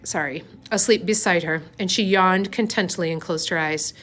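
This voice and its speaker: A woman reading a novel aloud, unhurried, with small slips and restarts. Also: on the low side, a bit bright. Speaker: reader.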